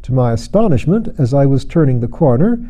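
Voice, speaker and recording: A male narrator reads a classic novel in a measured, dry way. His voice is very dark and mellow, sitting at an ordinary pitch. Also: very animated, highs cut off. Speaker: audiobook narrator. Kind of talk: scripted audiobook narration.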